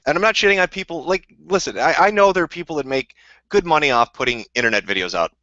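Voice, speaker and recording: Answering viewers on a live stream, this man rambles through a combative, profanity-laden rant. His fairly high voice has lively intonation, a quick pace and a pushed, bright quality, recorded dull, lo-fi and dry without room sound.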